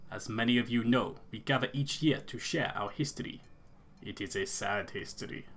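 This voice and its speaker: A man's voice: medium pitch, normal speed, a bit bright, slight background noise, natural voice. A man voicing a solemn old clan elder with a put-on accent, reading a game character's lines aloud. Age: older. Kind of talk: gameplay voice-over of game characters.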